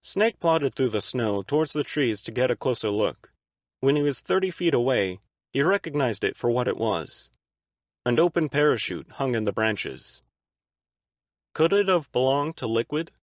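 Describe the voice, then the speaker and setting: A man narrating a fan-read audiobook with expressive, dramatic storytelling. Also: medium pitch, normal speed, no echo, clean studio sound.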